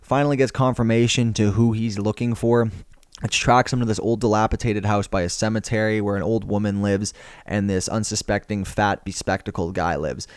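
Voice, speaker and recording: Recapping a film's plot in a rambling, profane way, this young man reviewer swears freely as he goes. His voice is fairly low and smooth, with fairly even intonation at a moderate pace, captured in studio quality with no room sound.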